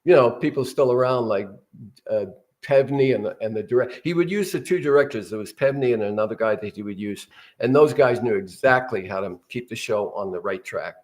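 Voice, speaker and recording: A man's voice: mid-range voice, a little fast. An older man, a guest actor, telling rambling anecdotes in a casual interview.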